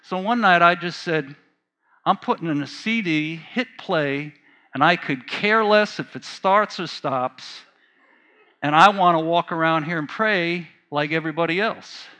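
A man's voice: on the high side, measured pace, sharp tone. A man preaching a sermon, telling a personal story with earnest feeling and repeating phrases for emphasis. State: choked up while reading.

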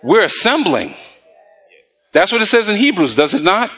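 A male preacher giving a sermon, quizzing the congregation with call-and-response questions and reading scripture slowly. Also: high voice, sing-song, a bit bright, breathy edge.

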